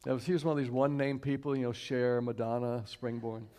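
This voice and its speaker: A man from Houston gives an inspirational talk to a church audience in a middle-pitched voice. He speaks conversationally, slowing down to repeat key lines and asking the audience to say them along with him. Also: level tone, dark tone. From Houston, Texas. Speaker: guest speaker and singer at a church service. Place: church sanctuary, live stream.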